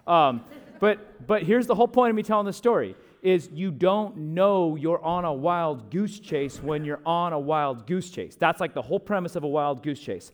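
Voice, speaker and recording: A young man, a pastor, telling a chatty, animated story from the pulpit, with asides to the listeners. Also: fairly high pitch, moderate pace. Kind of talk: storytelling sermon.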